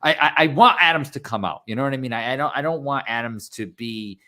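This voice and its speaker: A man on a sports podcast, giving opinions in a halting way and repeating words as he thinks aloud. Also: medium pitch, sharp tone. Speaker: podcast co-host or guest. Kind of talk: casual sports podcast chat.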